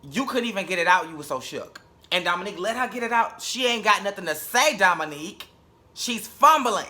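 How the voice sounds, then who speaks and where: Young male reviewer, sassy and blunt, very bright and fairly high voice. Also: lively intonation, fairly quick. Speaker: reality TV reviewer. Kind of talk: casual episode review.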